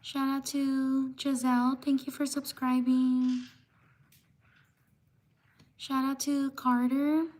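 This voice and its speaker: A woman hosting a craft livestream, steadily giving shout-outs to viewers in the chat and apologizing when she mispronounces their names. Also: high-pitched, little pitch movement, takes it slowly, pauses often. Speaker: livestream host.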